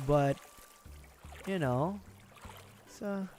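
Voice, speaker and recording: Young man, casual livestream chat, rambling, laughs a lot, fairly high voice, faint music behind. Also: extremely slow, darkish tone. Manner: rambling, chatty, laughs often. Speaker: streamer.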